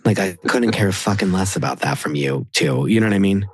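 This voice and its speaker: A man, a television producer, chatting as a podcast guest in a quick, swearing, lively way with lots of quoted asides. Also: deep voice, slightly rough, no echo. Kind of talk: casual chat.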